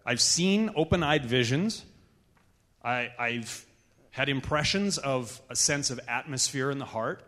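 A man leading a church gathering, teaching in a relaxed, conversational way. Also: mid-range voice, a little slow. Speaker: church leader. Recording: echoey hall reverb.

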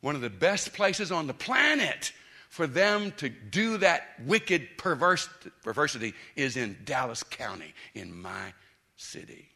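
A man preaching with a gravelly, rough edge and a bright, forceful tone. He is emphatic, sinking into low, hushed intensity and then climbing into loud, pointed bursts. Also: very animated, unhurried. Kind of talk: sermon.

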